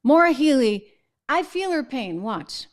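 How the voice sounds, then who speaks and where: Woman host, fairly high voice, emphatic opinionated commentary, keeps asking "right?". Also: very animated, a little slow. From New England, United States. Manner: emphatic, conversational, asks viewers "right?". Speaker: political show host.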